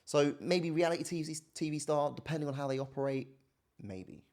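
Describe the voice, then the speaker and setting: A young man, a podcast guest, telling stories in a relaxed, slangy way in casual podcast chat. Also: fairly high pitch, a little fast. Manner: laid-back slangy storytelling, acts out relatives' voices.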